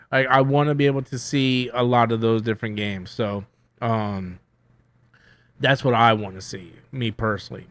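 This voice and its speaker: A man hosting a casual livestream, rambling loosely with lots of swearing and self-mockery, swinging between loud bursts and mumbled asides. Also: medium pitch, no room sound. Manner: loose, profane, self-mocking, riffs and hums to himself. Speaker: YouTube host answering viewer questions.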